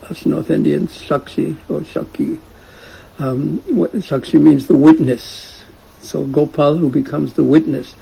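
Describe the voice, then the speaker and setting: Gravelly, husky man teaching a scripture class. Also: on the high side, rough recording. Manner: gentle, asks the class questions, chuckles. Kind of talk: casual storytelling lesson.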